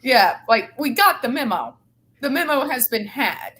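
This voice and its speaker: A woman's voice: high-pitched, animated, measured pace, a bit bright. A woman hosting a casual group chat, heated, indignant and swearing freely. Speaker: host.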